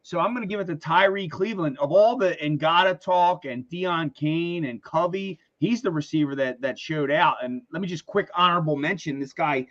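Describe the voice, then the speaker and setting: A man co-hosting a casual sports talk show, excitable, repeating words and saying "dude" often. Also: a little high, normal speed, hardly any pauses, lo-fi sound. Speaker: podcast co-host.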